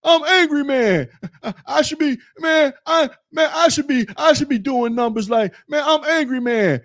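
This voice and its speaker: A man's voice: very high-pitched, normal speed, fairly bright tone, no echo, clean studio sound, voice pushed up. A man mocking a whiny, self-pitying middle-aged man who complains online. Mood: whining. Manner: whining, complaining.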